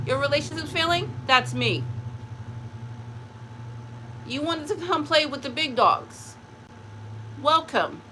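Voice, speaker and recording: A woman's voice: high voice, lively intonation, slow pace, pauses often, sharp tone, slight background noise, poor audio. A woman talking to camera in a spiritual vlog, taunting an unnamed rival and then chatting in a rambling way. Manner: rambling with restarts and laughs. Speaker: vlogger.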